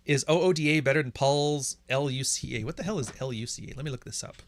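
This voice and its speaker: Hosting a podcast, a Canadian-accented man with a mid-range voice reads out chat questions and talks loosely, sarcastic, blunt, and full of swearing, laughing a lot along the way. Slight background noise is audible.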